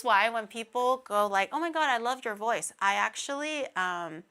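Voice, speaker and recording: Young woman, livestream chatter, slightly whiny naggy tone, fairly high, bright. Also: animated, measured pace, hardly any pauses. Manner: chatty, laughs often, says her voice sounds naggy and a bit whiny. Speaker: streamer. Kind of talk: casual livestream chat with chat readers.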